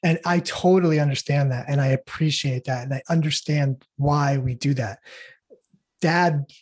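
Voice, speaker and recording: A middle-aged man speaking earnestly and haltingly as a guest in an interview. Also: on the high side, husky. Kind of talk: emotional interview talk.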